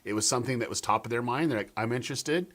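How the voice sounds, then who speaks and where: A man's voice: mid-range voice, rapid-fire. A man, a YouTube strategist, talking as a guest on a live stream over a video call, telling stories with lots of fillers and restarts. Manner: animated storyteller, many fillers and restarts.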